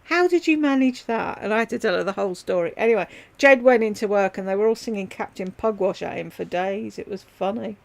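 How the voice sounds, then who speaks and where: A woman rambles easily through a casual livestream from home, talking straight to her viewers by name. Her mid-pitched voice has a steady gravelly fry running under it. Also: fast, few pauses. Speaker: livestream host chatting with viewers.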